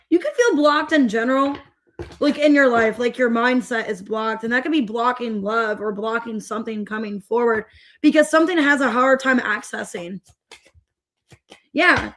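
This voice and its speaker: Young female tarot reader, slightly high voice, loose chatty delivery that greets viewers. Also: fairly bright tone. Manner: chatty, rambling, greets viewers mid-reading. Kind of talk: casual tarot reading.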